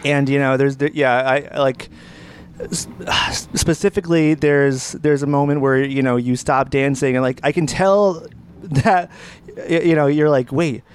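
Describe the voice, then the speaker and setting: A young man co-hosting a podcast in casual chat, speaking haltingly with many restarts. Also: fairly high pitch, fairly even intonation, clean tone. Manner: halting, many restarts, slow deliberate phrasing. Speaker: podcast co-host.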